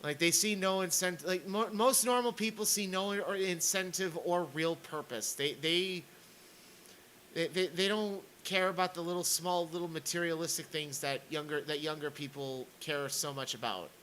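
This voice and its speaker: A man's voice: on the high side, moderate pace, fairly bright tone, a little hiss or hum, rough recording. A man streaming a sarcastic rant, stammering and repeating words as he comments on clips.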